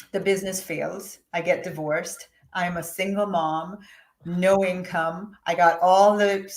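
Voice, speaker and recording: A middle-aged woman guest tells her personal story candidly and with animation, acting out the words she once said to herself. Her voice is fairly low and a little slow, and the recording has a roomy echo.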